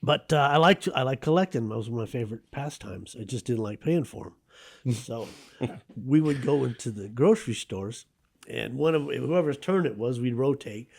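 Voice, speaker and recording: A man in his fifties, a guest author on a radio interview, telling stories from his past in an animated, conversational way. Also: medium pitch, moderate pace, gravelly, breathy edge.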